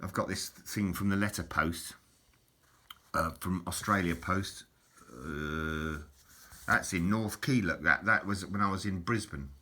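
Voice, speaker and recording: Going through his old keepsakes, an older vlogger reminisces at a measured pace, chuckling frequently and peppering his talk with "innit" and "mate." The voice is low, pushed, and bright.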